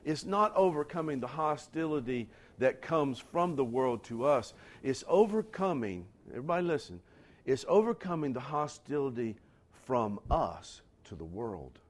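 A man preaching a sermon, talking straight to his congregation with conversational asides and building to forceful emphatic lines. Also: fairly high pitch, expressive, moderate pace. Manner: rising to emphatic near-shouts on key lines. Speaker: pastor.

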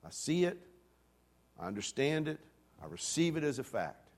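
A man preaching a storytelling sermon, self-deprecating and animated, dropping to hushed asides and then rising to loud, excited bursts. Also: fairly high pitch, moderate pace. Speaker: pastor.

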